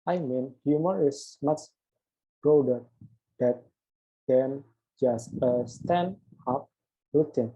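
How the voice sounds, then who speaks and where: A man's voice: mid-range voice, slow pace, pauses often, dark tone, husky, dull audio. A young man, a student, reads an interview script aloud and voices both the host and the guest, stumbling and restarting on words. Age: young adult. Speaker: student presenting an assignment.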